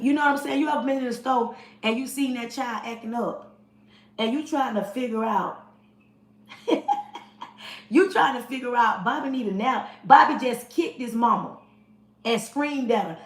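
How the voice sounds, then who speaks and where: A woman in her forties with a high voice delivers a forceful, preachy livestream rant and talks straight to her viewers. The recording has a roomy echo. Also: a little slow, long pauses. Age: 40s. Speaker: livestream host. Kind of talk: casual livestream monologue.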